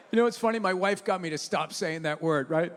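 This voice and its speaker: A man performing a stand-up comedy routine, ranting and profane, swinging from loud outbursts to low muttered asides. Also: moderate pace, slight background noise. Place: live comedy venue. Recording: live venue hall reverb.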